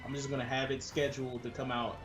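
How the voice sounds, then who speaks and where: A man co-hosts a gaming stream, chatting casually and animatedly while he plays, and he often slips into mock accents and voices. His voice sits in the mid range, with a flat delivery and a quick pace. The room is echoey and the game music is loud.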